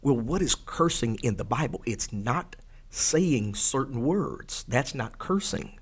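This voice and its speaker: A man's voice: mid-range voice, expressive, slow, husky. A man from Texas, co-hosting a casual faith podcast in a folksy, emphatic way. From Port Arthur, Texas. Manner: folksy, emphatic, wordplay-loving. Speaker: podcast co-host.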